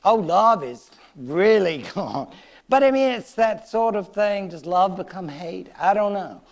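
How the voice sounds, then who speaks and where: High-voiced, slow-talking male lecturer. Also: lively intonation. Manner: playful, joking, acts out short quotes. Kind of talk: casual history lecture. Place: classroom.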